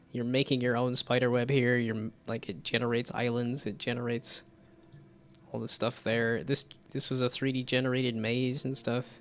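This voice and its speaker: A man chatting casually on a live stream about his game development projects, rambling and self-deprecating. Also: medium pitch.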